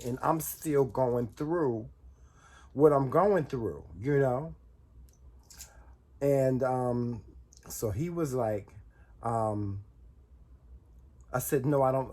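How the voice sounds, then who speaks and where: A man's voice: medium pitch, warm tone, slightly rough. A man casually telling viewers a personal story, rambling and repeating words as he goes.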